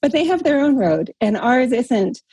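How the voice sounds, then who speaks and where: A woman's voice: high voice, sing-song, moderate pace, mellow, breathy edge, no echo. A woman leading a group call, coaching in an encouraging, casual way and often checking in with "right?". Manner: encouraging, tags points with "right?". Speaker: workshop leader on a group call. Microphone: call audio.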